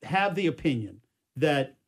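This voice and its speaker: A man's voice: a little high, very animated, measured pace, creaky. Rambling man hosting talk radio. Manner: rambling, many restarts and fillers. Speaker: radio talk show host. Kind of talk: casual talk radio chat. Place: radio studio.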